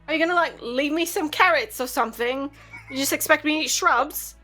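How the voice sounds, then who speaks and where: Brief: woman voicing a chatty, polite female horse with some attitude, pitched up. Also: brisk, pushed and bright, faint music behind. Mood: sassy. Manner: chatty and mock-indignant. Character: sassy talking female horse, polite, fond of carrots.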